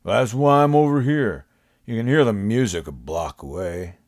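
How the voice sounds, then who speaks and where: A weary homeless man drawls his words out slowly, gruff and unhurried, as a man narrating puts him on. His voice sits low and husky and takes on a different color from the narrator's own. He sounds worn-out and short on patience. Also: lively intonation, a little mellow, dry recording, studio quality, exaggerated voice. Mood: exasperated.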